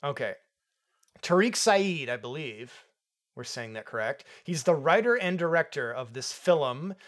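A man's voice: a little high, animated, measured pace, a bit bright. Joking man hosting a film podcast. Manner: joking, playful banter. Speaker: podcast co-host. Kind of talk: casual film review chat.

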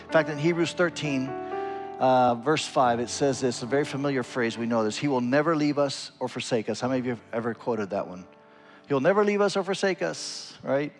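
A man's voice: lively intonation, a little fast, faint music behind. A male pastor preaching a sermon in an earnest way, voice rising and falling widely. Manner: earnest preaching with wide swings in pitch and loudness.

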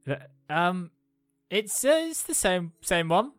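In a casual tabletop role-play, a woman player speaks slowly in a fairly low, sing-song voice as soft music plays behind her. She's playful but hesitant, her talk packed with fillers.

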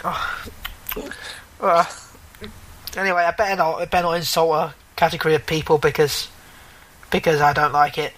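A man's voice: fairly high pitch, level tone, moderate pace, pauses often, a bit bright, slight background noise, low-quality recording. A man co-hosting a casual gaming chat show, rambling, correcting himself mid-sentence and joking as he goes. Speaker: podcast co-host.

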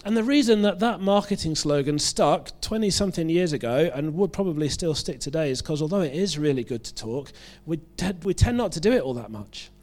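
A man from the UK with a British accent, preaching a sermon in a relaxed, conversational way, joking at his own expense and often restarting his phrases. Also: a little high, fairly quick, hardly any pauses. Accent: British English. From United Kingdom. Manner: conversational, self-deprecating, with frequent restarts.

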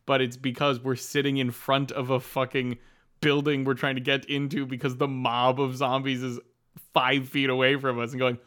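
A man's voice: medium pitch, flat delivery, moderate pace, a bit bright. A man co-hosting a film podcast, enthusiastically breaking down why the comedy works. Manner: enthusiastic, analytical about comedy. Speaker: podcast co-host. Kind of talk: casual chat.

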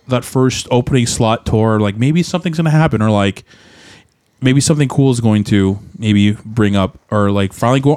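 A man's voice: mid-range voice, a little mellow, no room sound. A young man with a mid-range voice talks candidly in a podcast chat. He rambles, restarts his sentences and leans on fillers. The sound is dry and close. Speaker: podcast co-host, musician.

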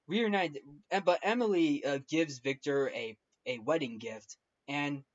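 A man's voice: fairly high pitch, highs cut off. A man hosting a film review show, recapping the story in a casual, rambling way with many restarts and fillers.

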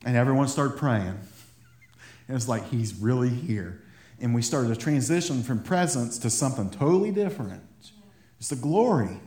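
A pastor delivers a sermon in an echoey church hall. He talks in an animated, conversational way, laughing often and repeating words as he goes. His voice sits at an ordinary pitch for a man. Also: moderate pace.

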